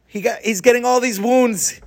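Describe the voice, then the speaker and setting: A man telling a comic story in a dramatic way, dropping to a hush for suspense. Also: very high-pitched, fairly even intonation, normal speed. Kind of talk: told joke story.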